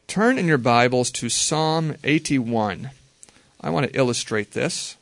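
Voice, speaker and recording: Gravelly-voiced man teaching Scripture. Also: mid-range voice, dry recording. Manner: relaxed, conversational, slow careful repetition. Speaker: Bible teacher. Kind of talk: informal Bible teaching to a group.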